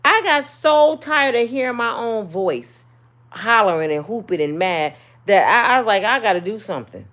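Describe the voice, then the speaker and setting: A middle-aged woman, telling viewers a personal story in a casual, sassy, animated way. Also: medium pitch, moderate pace. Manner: animated, sassy, swings between loud and soft. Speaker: channel host.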